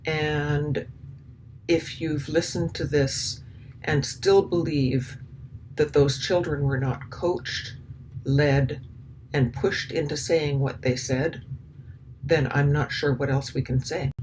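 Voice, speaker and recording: A medium-pitched, slightly mellow voice talks through a recording as commentary, hesitant and full of ums and restarts. Indignant, sarcastic asides break in along the way. The audio is poor, with a little hiss or hum.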